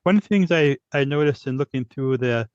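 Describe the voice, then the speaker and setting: A man's voice: medium pitch, expressive, a little fast, a little mellow, dry recording. A man co-hosting a podcast, speaking in an easygoing, conversational way. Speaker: podcast co-host. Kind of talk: casual interview chat. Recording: dull dry lo-fi sound.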